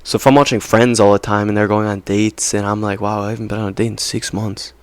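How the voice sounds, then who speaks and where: A young man talking straight to his viewers in a loose, rambling way, leaning on slang and little "you know?" checks. His voice sits on the low side and comes through dry and close, with no room sound around it. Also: flat delivery, fast, dry recording. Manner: rambling, slangy, self-interrupting with "like" and "right?". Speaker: vlogger. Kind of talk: casual monologue to camera.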